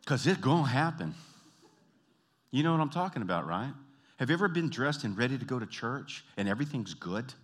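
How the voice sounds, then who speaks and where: A man's voice: mid-range voice, very animated, a little fast, a bit bright, husky. A middle-aged man doing stand-up comedy, telling stories and breaking into character voices, often laughing at his own jokes. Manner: storytelling, self-amused, mimics voices.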